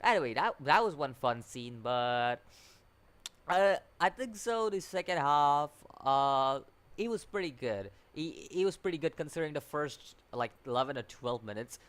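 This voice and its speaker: A man giving a casual spoken anime episode review, animated and incredulous, laughing often and filling his talk with "like" and "what?". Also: fairly high pitch, normal speed, clean tone. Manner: animated and incredulous, full of fillers and repeated "like, what?"; laughs often while talking.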